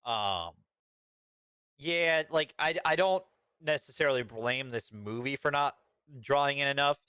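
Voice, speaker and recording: A man with a bright, forceful voice chats casually about films as a podcast co-host. He swears freely and slips in dry jokes. The sound is dry and close, with no room in it. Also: mid-range voice, unhurried, clean tone, no room sound. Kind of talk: casual movie review chat.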